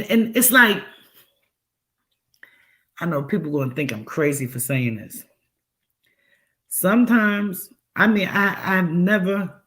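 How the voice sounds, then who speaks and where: Man, raised-pitch voice, loose rambling livestream host who keeps asking the audience rhetorical questions. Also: a bit bright. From United States. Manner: rambling, musing, asks many rhetorical questions. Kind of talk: casual livestream chat.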